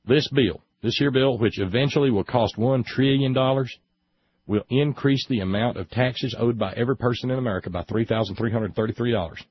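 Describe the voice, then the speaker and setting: Sarcastic talk radio guy, lowish voice, dry close sound, kinda muffled. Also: slightly rough, no echo. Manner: sarcastic, emphatic, slows down for emphasis. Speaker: political talk show host. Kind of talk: opinionated political commentary.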